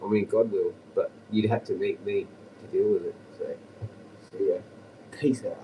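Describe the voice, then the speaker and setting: A man's voice: fairly low pitch, fairly even intonation, moderate pace, recorded from a distance, dull audio, a little hiss or hum. An Australian man rambling and ranting on a livestream, profane and agitated.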